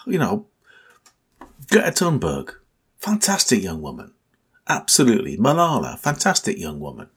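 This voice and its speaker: A sixty-something man with a husky, breathy voice launches into an angry political rant. His pitch swings wildly, from low mutters to sharp exasperated peaks, and he swears freely. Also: huge pitch swings, normal speed, long pauses. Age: 60s. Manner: swearing, exasperated, rising outbursts.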